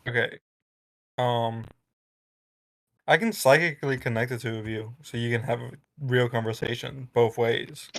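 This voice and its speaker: Man, tabletop player, hesitant, thinks aloud, laughs a lot, mid-pitched voice. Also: fairly even intonation, moderate pace, gravelly, long pauses, a bit bright, slight background noise. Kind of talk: tabletop game chat over a call.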